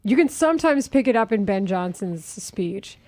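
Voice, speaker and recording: A woman from Texas hosting a sports radio show in a studio, chatting in an animated way and reading breaking news. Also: mid-range voice, moderate pace. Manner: animated, reads sponsored news.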